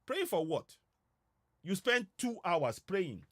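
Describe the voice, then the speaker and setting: Guy giving a fired-up broadcast speech, kinda high voice, dry close mic, keeps repeating himself to push people. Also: big pitch swings, takes it slowly, a bit bright, no echo. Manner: urgent, repetitive, exhorting. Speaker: political commentator. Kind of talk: impassioned broadcast address.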